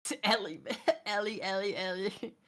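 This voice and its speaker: A woman's voice: mid-range voice, a little slow, a bit bright. A woman streaming from home, chatting casually, ranting and swearing as she talks to her chat.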